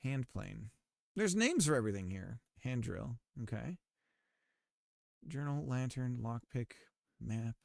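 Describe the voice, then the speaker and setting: A man in a casual live-stream chat, rambling and self-deprecating with plenty of swearing and filler words. His voice sits at an ordinary middle pitch. It is picked up on a close desk mic with a dry, dead sound. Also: expressive, takes it slowly, gravelly, long pauses, no echo. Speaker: game developer streamer.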